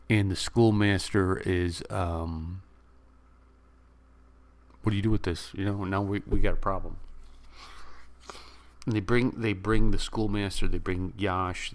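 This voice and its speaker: A man recapping and reviewing a movie in a rambling, excitable way, acting out lines from the scenes. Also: deep voice. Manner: excitable, rambling retelling with laughs and quoted lines.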